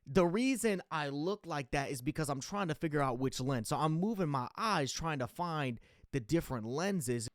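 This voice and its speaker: A man's voice: a little high, moderate pace, no echo, studio quality. Laid-back man telling a funny story. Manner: laid-back, rambling, animated when recounting. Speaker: comedy podcast host. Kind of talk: casual comedic storytelling monologue.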